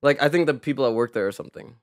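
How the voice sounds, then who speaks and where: A man co-hosting a podcast who chats casually, reacts quickly, swears and laughs often. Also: medium pitch, no room sound, studio quality. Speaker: podcast co-host. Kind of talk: casual chat.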